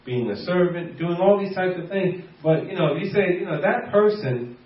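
This sermon comes from a man with a high-pitched, expressive voice at a moderate pace. As a pastor, he jokes around, laughing often while acting out ordinary exchanges. The room echoes, he sounds distant, and the audio lacks clarity.

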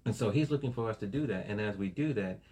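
Man, pastor, sermon, low voice, conversational preaching, rhetorical questions. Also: fast talker, mellow, a little hiss or hum. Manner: conversational preaching with repeated "right?" tags and laughs.

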